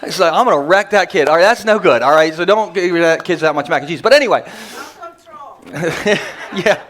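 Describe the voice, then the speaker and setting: A male pastor preaching to a church congregation in a joking, energetic manner with quick asides. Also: a little high. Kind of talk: humorous sermon. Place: church sanctuary before a congregation.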